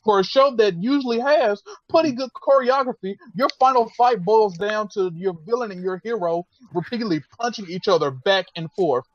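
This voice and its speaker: A man's voice: sits high, moderate pace, few pauses, dull audio, a little hiss or hum. A man co-hosting a casual roundtable chat, talking frankly and rambling with lots of fillers and swearing. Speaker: podcast co-host.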